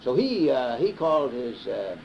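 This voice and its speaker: His medium pitch swings widely while he keeps a moderate pace, telling a rambling, casual story riddled with restarts and uh's. The speaker, an interviewee and radio broadcaster in his fifties, has a Southern US accent. The audio comes from dull, slightly hissy old reel-to-reel tape.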